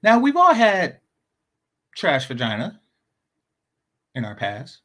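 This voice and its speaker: A man with a high, bright voice gives blunt, rambling commentary as the host of a live call-in stream. He repeats himself often as he talks. His pitch swings widely from line to line. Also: huge pitch swings, slow pace. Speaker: show host.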